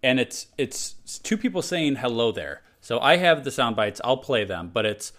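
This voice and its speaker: A man hosts a loose podcast conversation and reads out listener messages. His speaking pitch sits at a comfortable middle. He rambles, circles back and restarts his thoughts in an unhurried, everyday way. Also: lively intonation, fairly bright tone. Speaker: podcast host. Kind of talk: casual chat.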